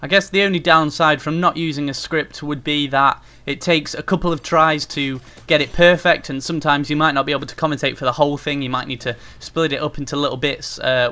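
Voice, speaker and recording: A man's voice: medium pitch, pushed and bright. A young man giving casual, rambling tips on gaming commentary, with frequent fillers, as a YouTuber talking to his viewers. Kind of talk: casual spoken tutorial.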